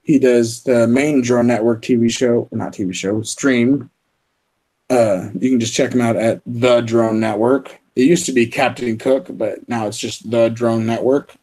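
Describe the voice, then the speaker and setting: A livestream co-host chats casually in a steady, measured, medium-pitched voice with a dark tone. Easygoing and joking, he laughs often but is sleepy and yawning from little sleep, and the recording is low quality.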